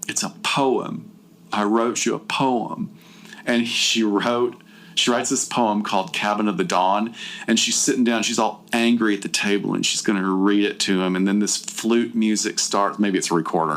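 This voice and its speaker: A middle-aged podcast co-host casually retells a film at a moderate pace, acting out lines as he goes. An animated storyteller, he jumps into high, put-on voices whenever he quotes characters.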